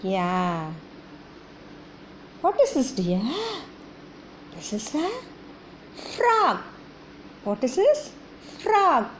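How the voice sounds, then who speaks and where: A woman's voice: medium pitch, wildly swooping pitch, warm tone, slight background noise. A woman teaching small children animal sounds, coaxing them with questions and imitating the animals. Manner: slow, sing-song, coaxing with questions and animal noises. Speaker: kindergarten teacher.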